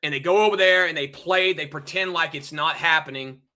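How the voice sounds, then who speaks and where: Slightly high and slightly fast, his voice comes across pushed and bright. He's a livestream host in an angry rant, cursing, repeating himself, and confronting his chat with one rhetorical question after another.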